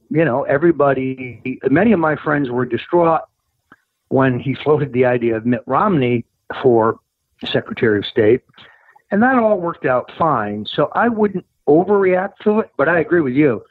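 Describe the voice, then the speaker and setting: A man as a political guest on a phone interview, talking in an emphatic, combative way and climbing to insistent highs. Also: lively intonation, moderate pace, husky, no echo. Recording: tinny phone line, dry.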